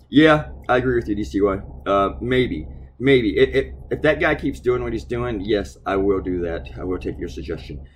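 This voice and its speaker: A male cartoonist talking through his day in a loose, chatty video diary. His pitch jumps around a lot as he tells stories, and his delivery rambles with fillers and the occasional curse. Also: a little hiss or hum. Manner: rambling, animated storytelling with frequent fillers and swearing.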